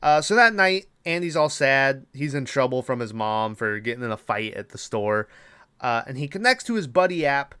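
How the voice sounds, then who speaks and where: A man's voice: medium pitch, a bit bright, clear, resonant tone, dry recording. A man hosting a podcast, casually retelling a movie plot in a rambling, profane way with lots of filler words. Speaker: podcast host.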